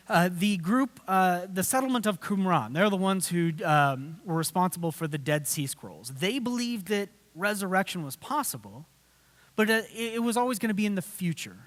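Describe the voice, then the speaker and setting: High-voiced pastor preaching in an echoing church. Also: male voice, fairly bright tone. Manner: conversational, with fillers and acted-out quotes. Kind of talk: sermon. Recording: long church reverb.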